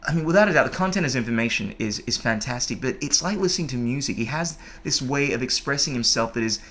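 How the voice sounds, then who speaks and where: A man hosts a casual podcast conversation with a bright, forceful voice. He speaks with emphatic enthusiasm. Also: mid-range voice, expressive, fast. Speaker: podcast host.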